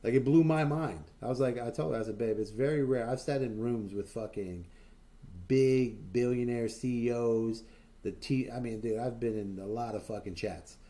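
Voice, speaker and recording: A man's voice: mid-range voice, moderate pace, dark tone. A man hosting a livestream in casual chat, rambling and swearing a lot with many fillers and restarts, telling boastful, enthusiastic stories. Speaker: livestream host.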